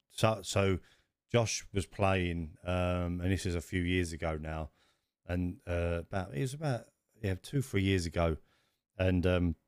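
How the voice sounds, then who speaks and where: A man co-hosting a podcast, telling stories in an animated way. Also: low-pitched, clean tone, dry recording, studio quality. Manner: animated storytelling, rising when worked up. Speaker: podcast co-host. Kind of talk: casual chat.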